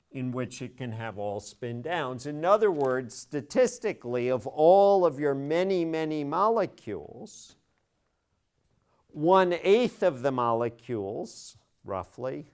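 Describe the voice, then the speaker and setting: A middle-aged man with a clean, mid-range voice delivers a university chemistry lecture in a classroom. He lays out every step methodically and puts stress on the key words.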